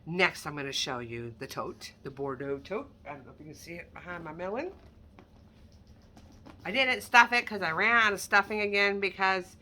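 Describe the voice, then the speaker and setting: A woman talks through handbags she is selling in a relaxed, candid home vlog, full of self-deprecating asides. Her voice is bright and forceful but sits a little low. A faint hiss of noise runs under the recording. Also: normal speed. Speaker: online handbag reseller. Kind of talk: casual product showcase vlog.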